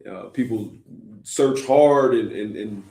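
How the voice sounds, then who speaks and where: Earnest low-voiced man in an echoey room. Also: slow, gravelly, warm tone. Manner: earnest, many restarts and fillers. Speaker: host. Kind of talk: discussion from a Christian view.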